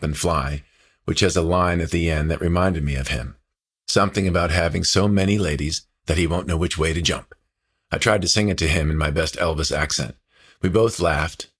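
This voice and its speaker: A man's voice: sits low, breathy edge. A man narrating his own memoir as an audiobook, in a heartfelt, reflective storytelling manner.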